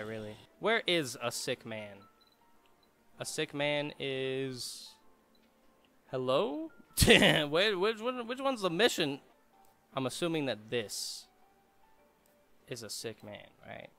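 A man's voice: medium pitch, very animated, slow pace, pauses often, sharp tone, soft background music. A man giving casual, joking let's-play commentary, chatty and laughing often. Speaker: gamer streamer.

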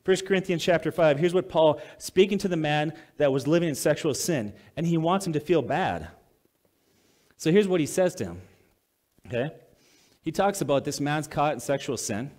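A pastor preaching a sermon in a conversational way, reading scripture aloud, then explaining it plainly and asking the congregation questions. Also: male voice, fairly high pitch, animated, moderate pace, darkish tone.

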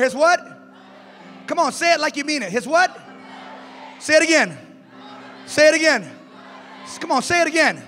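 High-pitched shouting male preacher. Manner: shouting call-and-response, drives the crowd. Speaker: pastor. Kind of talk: preaching a sermon. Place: large church hall with music. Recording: echoey church hall with music behind.

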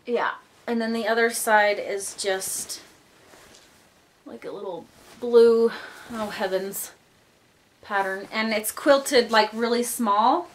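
A young adult vlogger chats casually and gushes, her speech packed with "like" and "um." She sounds slightly out of breath, and her voice is on the high side, slow, with frequent pauses.

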